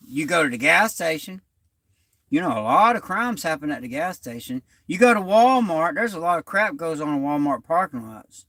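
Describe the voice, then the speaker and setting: High, bright-toned man rambling. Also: big pitch swings, moderate pace, no room sound. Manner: loose, rambling storytelling in Southern-style slang. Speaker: channel host. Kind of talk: casual talk to camera.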